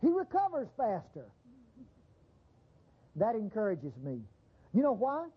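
A man preaching a sermon as a pastor, animated and conversational, acting out mock voices. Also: high voice, a little slow, breathy edge, muffled recording.

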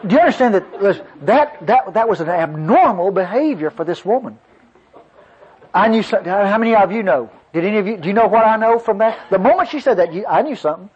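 A man's voice: high-pitched, lively intonation, brisk, darkish tone, slightly rough, some chatter behind. A man preaching a folksy sermon to his congregation, telling a story and calling out to the listeners. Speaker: pastor. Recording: dull lo-fi sermon recording.

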